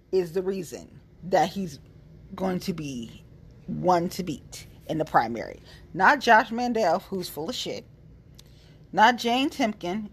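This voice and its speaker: A woman's voice: fairly low pitch, breathy edge. A woman giving a casual, profane, sassy monologue about local politics straight to her viewers. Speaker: political commentator. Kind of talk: casual unscripted monologue to followers.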